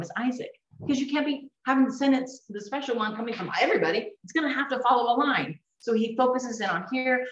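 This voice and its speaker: A woman teaching a Bible study to a group, animated and enthusiastic, often laughing as she explains. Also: a little high. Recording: echoey room, mic at a distance, dull sound.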